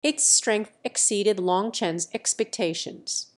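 A woman narrating a translated web novel as an audiobook in an even, unhurried way. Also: mid-range voice. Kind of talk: scripted narration.

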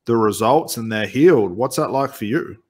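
A man's voice: mid-range voice, animated, normal speed, a little mellow, breathy edge. A man hosting an interview, a hypnotherapist who asks questions and gives short encouraging replies. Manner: brief encouraging backchannels. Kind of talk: interview questions and listening cues.

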